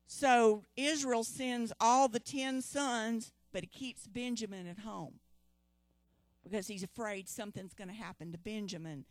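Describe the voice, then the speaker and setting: A woman preacher with a slightly high voice tells a Bible story in a lively way, calling out to her listeners. The sound is dry and close. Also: no echo. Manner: lively, calls out to the congregation.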